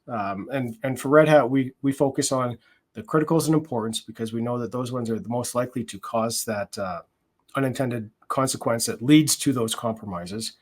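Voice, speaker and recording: A man's voice: mid-range voice, slightly rough. Man explaining patch priorities with fillers. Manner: explanatory, frequent fillers and restarts. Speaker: product security executive. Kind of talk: conference conversation.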